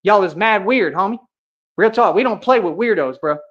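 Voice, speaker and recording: A man's voice: high-pitched, animated, normal speed. Man ranting confrontationally on dull lo-fi audio. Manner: confrontational, boastful, street slang, repeats 'bro' and 'real talk'. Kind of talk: heated livestream rant.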